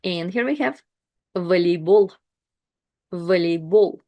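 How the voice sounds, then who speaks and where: A woman teaching pronunciation, saying each word slowly and then repeating it. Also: fairly low pitch, dark tone. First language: Russian. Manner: repeats each word twice, slow and deliberate. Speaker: language teacher. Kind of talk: slow, clear pronunciation lesson.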